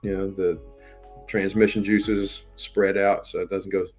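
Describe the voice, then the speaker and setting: A man with a fairly low voice hosts a laid-back livestream. He rambles along, replies to his viewers and reads their comments aloud, and faint music plays behind him. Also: little pitch movement, unhurried, darkish tone. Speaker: streamer. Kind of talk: casual live-stream chat.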